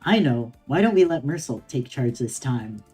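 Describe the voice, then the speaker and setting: A woman's voice: rumbling low, animated, moderate pace, mellow, soft background music. A woman streamer reading a game story aloud on stream, reacting with playful giggles.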